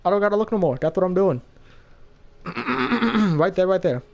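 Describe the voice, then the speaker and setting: Young male gaming youtuber, upbeat and chatty, slightly high voice with a lot of bounce; for casual gameplay commentary. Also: normal speed, creaky, muffled recording. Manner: excitable, chatty, laughs often.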